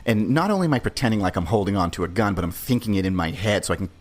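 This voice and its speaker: A man's voice: fairly low pitch, expressive, racing. A man hosting a podcast, telling a story in a brash, profane, conversational way. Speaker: podcast host. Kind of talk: casual storytelling.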